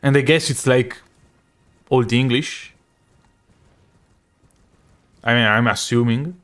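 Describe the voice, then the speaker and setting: Young Italian male streamer, heavy Italian accent, mid-pitched and smooth, loose chatty live commentary. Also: normal speed, a bit bright. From Italy. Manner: rambling, self-correcting, chatty with chat.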